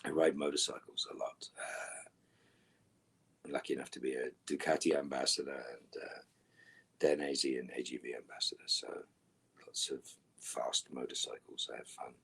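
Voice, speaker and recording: Middle-aged guy on a video call fan q&a, super deep husky voice, dry jokes, keeps mumbling off quietly. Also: little pitch movement, normal speed. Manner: dry, wry, and often dropping to soft mumbled asides. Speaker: actor guest answering fan questions. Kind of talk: virtual fan Q&A panel.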